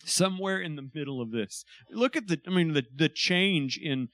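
A man preaching a conversational sermon, animated, with emphatic bursts. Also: fairly high pitch, no room sound, studio quality. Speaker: pastor.

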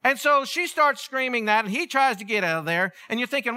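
A man preaching a sermon, retelling a story with lively asides and acted-out voices. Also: extremely high pitch, fairly quick, hardly any pauses, clean tone. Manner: animated storytelling, acting out voices, chuckling asides.

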